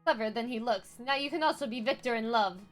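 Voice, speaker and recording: A woman's voice: fairly high pitch, fast talker, soft background music, lightly acted. A woman voicing a jovial, boastful male mercenary who speaks in broken grammar and refers to himself by name. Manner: jovial and swaggering.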